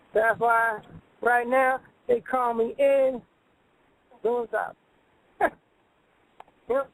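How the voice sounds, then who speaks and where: A man's voice: very high voice, slow, creaky, pauses often, low-quality recording. A man hosting a comedic call-in radio show, talking in a rambling, boastful way with broken grammar.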